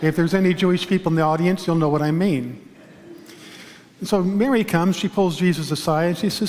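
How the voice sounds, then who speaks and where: Guy preacher, bit high voice, calm slow storytelling, big echoey church. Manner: calm, measured storytelling with pauses. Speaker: pastor. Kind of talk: sermon. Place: large church sanctuary.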